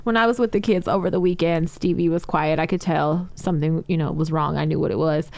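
A woman's voice: deep voice, fairly even intonation, a little fast, creaky, darkish tone, dry recording. Woman in casual chat, wry and teasing.

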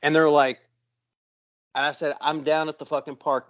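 Cursing podcast co-host, storyteller type, slightly high voice, dry, dull lo-fi sound. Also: male voice, normal speed, long pauses, no room sound. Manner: profane, animated storyteller acting out quotes. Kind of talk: casual storytelling chat.

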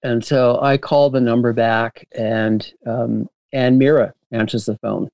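A man telling stories as a guest in an interview, rambling and animated with frequent laughter and restarts. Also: mid-range voice, a little slow, creaky, no echo, muffled recording. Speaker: filmmaker guest. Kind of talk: casual interview storytelling.

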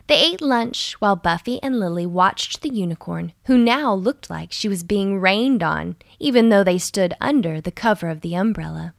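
A woman narrating a children's bedtime story slowly and soothingly, with a slight gravelly edge. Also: dry recording, clean studio sound. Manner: slow and soothing with lively pitch.

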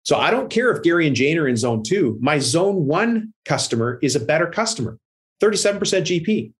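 A man's voice: a little high, big pitch swings, brisk. A man hosting a business podcast, chatting casually, giving short affirmations and summing up what his guest says. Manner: brief affirming replies, summarizes the guest. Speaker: business coach and podcast host. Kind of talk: casual interview talk.

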